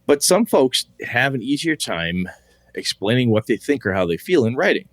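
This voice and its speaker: A man's voice: medium pitch, sing-song, normal speed, no room sound. A man co-hosting a casual podcast chat, rambling loosely, swearing offhand and acting out quotes. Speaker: podcast co-host.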